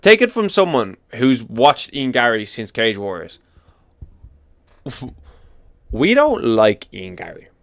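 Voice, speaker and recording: In a casual opinion rant, a young man from Ireland tears into fighters as an MMA commentator would, profane and blunt, repeating himself for emphasis. The mid-range voice has a fairly bright tone and no room sound.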